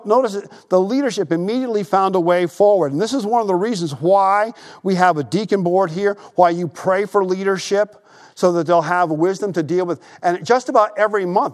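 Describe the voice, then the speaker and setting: A male pastor preaching a sermon in a church, telling stories in a lively, conversational way and repeating his phrases. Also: high-pitched, brisk.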